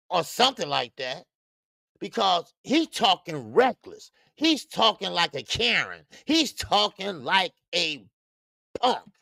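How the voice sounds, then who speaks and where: A man hosts a boxing livestream in a slow, slangy, rambling way, greeting viewers in the chat by name. His voice is gravelly and swings widely in pitch, and it sounds dry and close. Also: fairly bright tone, no echo. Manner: rambling with stammered restarts. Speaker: boxing show host. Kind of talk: casual live-stream talk.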